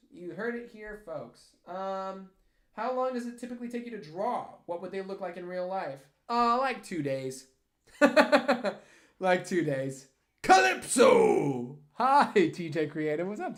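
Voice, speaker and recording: A young adult artist chatting casually on a livestream, answering viewer questions with rambling, jokey asides. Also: medium pitch. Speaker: artist streamer.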